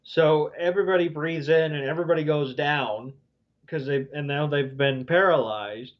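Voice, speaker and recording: Podcast dude w a slightly high voice, rambly, says you know a lot, dull audio. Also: male voice, normal speed. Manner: rambling, lots of "you know" and "um", swears casually. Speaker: podcast co-host. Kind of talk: casual chat recapping a cartoon episode.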